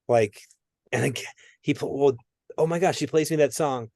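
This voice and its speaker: A man working as a medium, giving a reading in a rambling, animated way that often interrupts itself. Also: mid-range voice, moderate pace, creaky, no echo, clean studio sound. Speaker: psychic medium. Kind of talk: spirit reading conversation.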